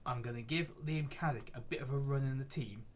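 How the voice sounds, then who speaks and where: Talking a bit fast in a mid-range voice, with slight background noise, a young YouTuber gives relaxed commentary on his football management gameplay. He chats freely and is easily frustrated by bad play.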